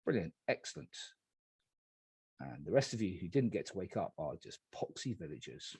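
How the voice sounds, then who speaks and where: Husky man moderating a game. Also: low voice, moderate pace, no echo. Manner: calm, polite, narrating night phases. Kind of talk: running an online party game.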